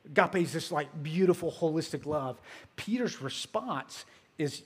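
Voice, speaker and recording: A man giving a sermon as a pastor, telling the story casually with filler words and swinging between loud emphasis and hushed moments. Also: fairly high pitch, lively intonation, a little slow, slightly rough, big-room sound.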